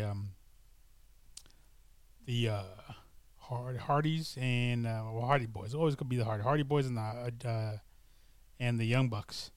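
A man's voice: medium pitch, no room sound. A middle-aged man chatting casually to camera, rambling and hesitant, with many fillers and restarts. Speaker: vlogger. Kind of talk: casual chat.

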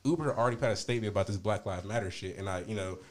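Fast-talking man telling an angry story. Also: fairly low pitch. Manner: animated, profane, quoting himself and others. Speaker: podcast host. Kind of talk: casual storytelling.

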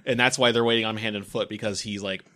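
A man's voice: on the low side, steady tone, fast, sharp tone, slight background noise. A man co-hosting a movie podcast, chatting casually, swearing and acting out characters as he recaps scenes. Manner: profane, acts out characters in quotes. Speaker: podcast co-host.

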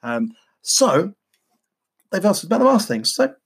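A woman's voice: mid-range voice, very animated, normal speed, gravelly, slightly rough. A woman co-hosting a podcast in casual chat, giggly and teasing. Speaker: podcast co-host.

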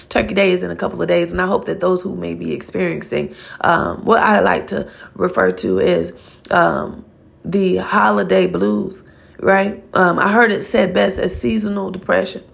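A woman's voice: lowish voice, normal speed, vocal fry. A woman hosting a faith-based motivational podcast, speaking earnestly and directly to listeners, often checking in with "okay?" and repeating words as she searches for phrasing. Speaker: podcast host.

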